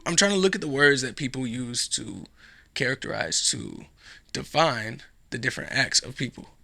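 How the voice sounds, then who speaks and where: A man's voice: on the high side, bright, forceful tone. A man hosting his own show, talking alone in a casual, rambling way, sarcastic and dropping into a whisper for effect. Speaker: podcast host. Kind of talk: casual solo commentary.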